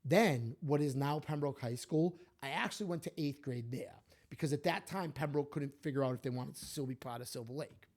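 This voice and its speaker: A man, co-hosting a podcast, telling stories and opinions in an animated, emphatic way. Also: medium pitch, fairly quick, few pauses. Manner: animated, emphatic, repeats himself. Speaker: podcast co-host. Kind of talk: casual opinionated storytelling.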